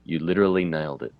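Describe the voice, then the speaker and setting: An Australian man hosting a relaxed English-learning chat, laughing easily and filling pauses with ums. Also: a bass voice, dry recording, lo-fi sound. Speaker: English teacher and channel host. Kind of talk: casual conversational interview.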